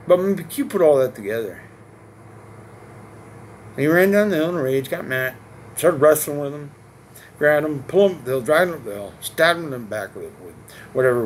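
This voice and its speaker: This vlogger, a Connecticut man in his forties, rambles on at length to the camera by himself, cursing, repeating himself and posing rhetorical questions. He has a mid-range voice, and there's a little hiss or hum on the recording.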